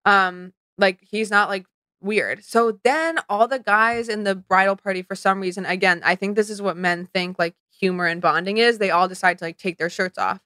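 Young woman, podcast co-host, animated storytelling, bright tense voice, dry close sound. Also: medium pitch, dry recording. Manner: animated, fast storytelling with lots of "like". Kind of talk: casual chat, storytelling.

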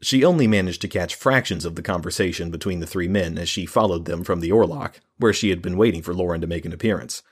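Deep, husky male audiobook narrator. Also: quick pace, hardly any pauses. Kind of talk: scripted fantasy narration.

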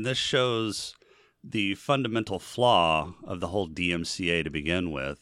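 Male co-host, low pitch, bright and forceful, earnest explainer. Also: clean tone, dry recording, clean studio sound. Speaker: podcast co-host. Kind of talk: casual gaming news chat.

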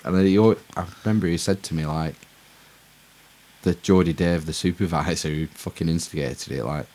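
A man's voice: deep voice, brisk, a little mellow. A man telling a rambling, sweary story as a podcast co-host. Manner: rambling, swears freely, self-mocking. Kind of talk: casual storytelling chat.

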